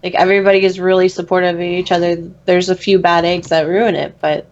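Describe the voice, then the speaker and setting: A woman appearing as a guest on a talk show, speaking softly and earnestly. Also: fairly low pitch, level tone, fast, highs cut off. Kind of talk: casual talk show chat.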